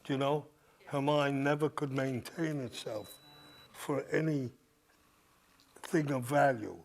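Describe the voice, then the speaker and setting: An older man speaks as a guest at a live audience event in a cinema, telling a rambling anecdote and laughing as he goes. His voice is medium-pitched and steady, and he takes his time. Crowd noise from the audience can be heard.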